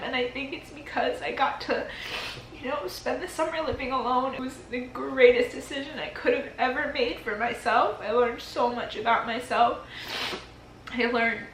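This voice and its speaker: A woman's voice: high-pitched, fairly bright tone, slight background noise. A woman in her early twenties vlogging a tearful goodbye to her empty apartment, rambling with lots of "like", crying between laughs. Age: early 20s. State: crying, teary voice. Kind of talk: emotional farewell vlog, casual talk to camera. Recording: echoey empty room.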